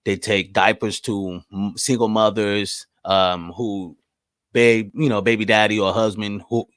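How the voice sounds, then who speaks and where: A man in his thirties hosting a podcast alone, answering live chat in blunt, profane talk that jumps loud and high when he gets riled. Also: steady tone, measured pace, no echo. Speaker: podcast host. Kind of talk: casual solo commentary reading live chat.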